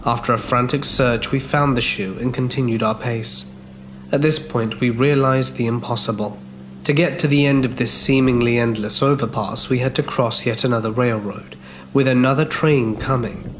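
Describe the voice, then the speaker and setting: A man narrating a first-person horror story in a measured, scripted way. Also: medium pitch, steady tone, a little hiss or hum. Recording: faint background music.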